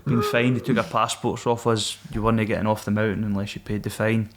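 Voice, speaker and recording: A Scottish former Royal Marine tells stories on a podcast in a fairly low, brisk voice, with slight background noise. His chat is casual, animated and full of swearing, and he breaks off mid-story to laugh.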